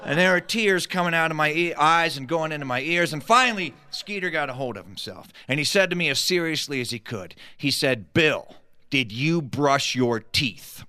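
Guy spinning a funny tall tale, voice bouncing all over, bright and punchy. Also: fairly high pitch, a little fast, few pauses, smooth. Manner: animated comic delivery with vivid asides. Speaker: storyteller. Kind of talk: humorous storytelling performance.

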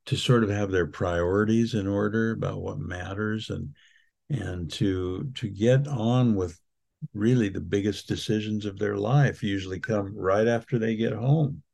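A man's voice: fairly low pitch, unhurried, creaky, a little mellow. An older man co-hosting a podcast, talking in an earnest, reflective way with frequent restarts. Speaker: podcast co-host. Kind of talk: casual reflective chat.

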